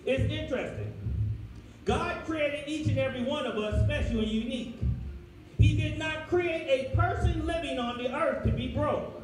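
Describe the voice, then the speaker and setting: High-voiced preaching pastor, echoey room. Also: male voice, normal speed, a little hiss or hum. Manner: folksy, animated preaching. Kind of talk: sermon. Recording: echoey room, far from the mic, music behind.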